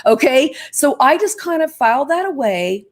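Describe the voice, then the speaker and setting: A woman being interviewed as a guest, telling a story with excited emphasis and often speaking straight to her listeners. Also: high voice, normal speed. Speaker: guest, Ouija board expert.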